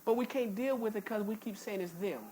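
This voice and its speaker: A woman's voice: medium pitch, fairly quick, mellow, slight background noise. Folksy, emphatic woman preaching. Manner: emphatic, repeats words and stammers into restarts; folksy, informal speech with jokes. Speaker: pastor. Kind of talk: sermon. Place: church sanctuary.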